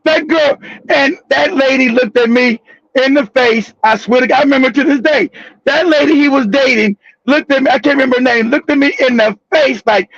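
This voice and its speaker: Man, talk show host, very high voice, gravelly, animated and profane. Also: a little fast, no room sound. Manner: animated, profane, laughing often, bursts into shouts. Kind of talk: casual storytelling on a live talk show. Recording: dull, dry lo-fi audio.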